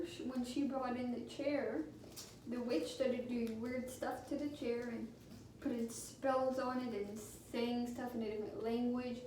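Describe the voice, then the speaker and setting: A woman co-hosting a podcast adds to an improvised story in a casual, halting way. Her high voice rings in a very echoey room, heard from a distance with faint noise. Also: warm tone. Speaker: podcast co-host.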